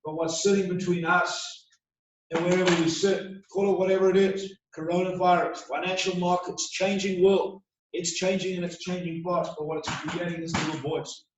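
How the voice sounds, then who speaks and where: A man gives a motivational talk from some way off the mic, his voice ringing around a very echoey room. He speaks a little higher than most men and drives his points home with emphatic, repeated rhetorical questions over a faint hiss. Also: level tone, normal speed, recorded from a distance, lo-fi sound.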